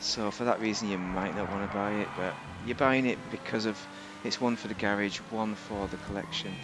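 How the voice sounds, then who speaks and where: Low-voiced man musing over a game. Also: steady tone, brisk, background noise. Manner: rambling, thinks aloud with many fillers and restarts. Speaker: game reviewer. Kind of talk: casual gameplay commentary.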